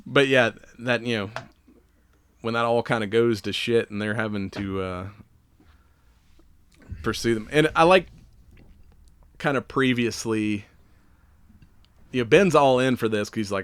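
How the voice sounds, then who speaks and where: Laid-back low-voiced podcast guy. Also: moderate pace, pauses often, fairly bright tone, clear, resonant tone, no echo. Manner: laid-back, rambling recaps with frequent laughs. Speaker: podcast co-host. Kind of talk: casual chat.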